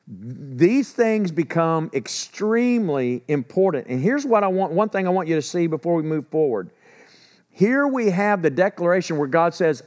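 A man's voice: a little high, very animated, normal speed, a little mellow. A man preaching a sermon, retelling scripture casually and acting out the dialogue.

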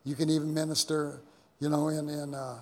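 A man's voice: on the high side, flat delivery, a little fast, slight background noise. A man preaching a sermon as pastor, telling stories in a rambling way with many repeated words and restarts. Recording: long hall reverb.

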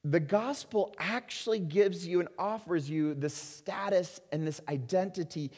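A man preaching a sermon as a pastor, earnest, rising to loud emphasis and dropping to slow, quiet stretches. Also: high-pitched. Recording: long hall reverb.

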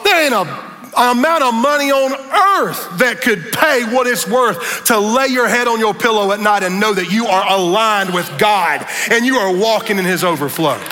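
A man preaching a sermon on a church stage, fervent, rising to shouts on key words. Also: sits high, moderate pace. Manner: fervent, shouting peaks, Southern preacher cadence. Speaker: pastor. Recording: long reverb of a large hall.

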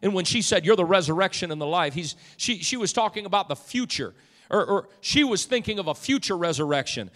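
A male preacher delivering a sermon, swinging from hushed storytelling to loud, fervent shouting. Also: sits high, animated, fairly quick. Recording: long hall reverb.

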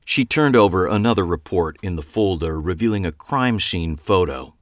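A man reading a first-person crime novel with wry, expressive storytelling. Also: low-pitched, moderate pace, no echo, studio quality. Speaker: audiobook narrator.

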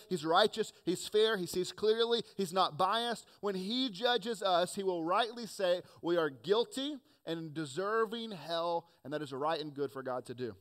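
A man preaching a sermon with earnest emphasis, rising to loud points and dropping to quiet asides. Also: high voice. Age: adult, has children. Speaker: pastor.

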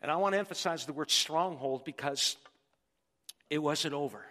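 A male pastor preaches a sermon in a sharp, fairly high voice at normal speed, delivering it emphatically and often repeating words to drive his points home. There is long reverb from a large hall.

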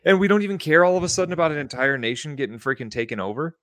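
Young dude cohost, blunt, lots of freaking and dude, dry sound. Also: male voice, fairly high pitch, expressive, racing, a bit bright, no echo. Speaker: podcast co-host. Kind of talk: casual chat.

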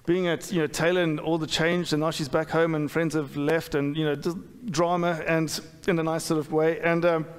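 A middle-aged man delivers a sermon in a fairly high voice. He talks candidly and pokes fun at himself, stumbling through restarts and fillers. His voice rings out with a long reverb in a church hall. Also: level tone, moderate pace, hardly any pauses, clear, resonant tone. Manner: candid, self-deprecating, with frequent fillers and restarts. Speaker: pastor.

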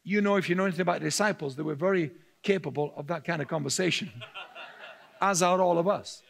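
A male preacher delivering a lively, humorous sermon. His voice sits high for a man and has a gravelly edge, and he often laughs as he tells his stories. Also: a little fast. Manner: humorous, laughing, animated storytelling. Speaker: pastor.

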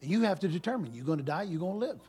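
A man preaching a sermon to a congregation, animated and full of rhetorical questions, in casual everyday speech. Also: high-pitched, very fast, soft background music. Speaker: pastor.

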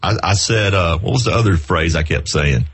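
A man's voice: low voice, normal speed, fairly bright tone, breathy edge. A man from South Carolina with a Southern US accent, hosting a radio show in a folksy, chatty way. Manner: folksy, chatty, laughs easily. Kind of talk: casual radio chat.

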